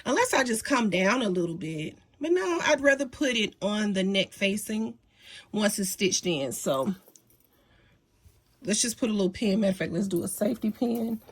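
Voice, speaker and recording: A woman hosting a casual sewing tutorial at home, chatty and folksy with apologetic asides, a little sniffly, recorded on a phone by her sewing machine. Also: mid-range voice. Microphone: phone mounted near sewing machine.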